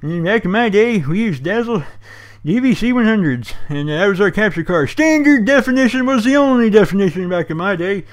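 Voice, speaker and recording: A man's voice: high voice, animated, brisk, voice pushed up. A man voicing a cocky old grandpa who is running out of breath, bragging in a wheezy way. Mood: boastful.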